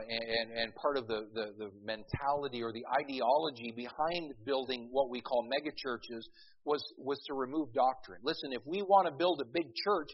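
A middle-aged pastor preaching a sermon in a folksy, storytelling way, with many restarts and emphatic peaks. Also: male voice, medium pitch, a little hiss or hum. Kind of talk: sermon with a humorous opening story. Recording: dull lo-fi recording.

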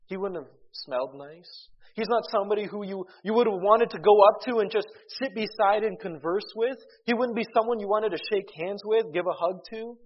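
Earnest preacher guy, kinda high husky voice, stumbles and repeats words, muffled lo-fi sound. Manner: earnest, repeats words when starting phrases; reads scripture aloud in old-fashioned wording. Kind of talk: sermon. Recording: dull lo-fi recording.

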